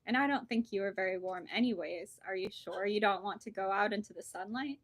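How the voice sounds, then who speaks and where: A woman voicing a calm, matter-of-fact female vole in a storybook reading. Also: mid-range voice, a little fast, no room sound, natural voice.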